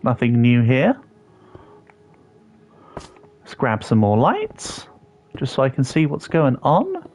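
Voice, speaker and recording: A young man with a darkish mid-range voice takes his time, pausing often and swinging widely in pitch, as he livestreams a building game. He chats casually and answers viewers with self-deprecating jokes, heard over slightly dull audio and faint background music.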